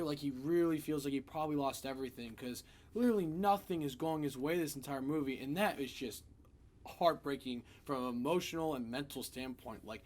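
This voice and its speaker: A man giving a casual spoiler review of a film, retelling scenes in an animated, profane way. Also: a little high.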